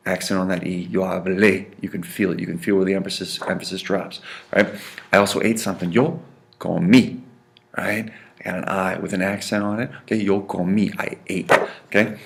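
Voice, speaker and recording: Male teacher, low register with grit, runs a grammar lesson and keeps checking "right?". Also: little pitch movement, fast talker, gravelly, a bit bright. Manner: checks in constantly with "right?" and "okay?"; stresses and repeats key sounds. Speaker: Spanish teacher.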